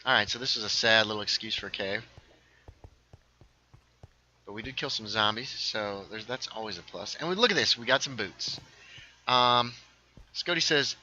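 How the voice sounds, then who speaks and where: A man's voice: lowish voice, bright, forceful tone, muffled recording. A man hosting a casual gaming livestream, rambling along and reading viewer chat aloud. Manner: rambling, reads chat aloud, quick asides. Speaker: livestream host playing a game.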